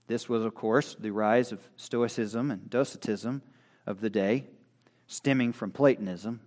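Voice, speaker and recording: A man preaches from his notes in a down-home, conversational manner. He is a pastor, and he moves from loud declarations to quiet, low asides.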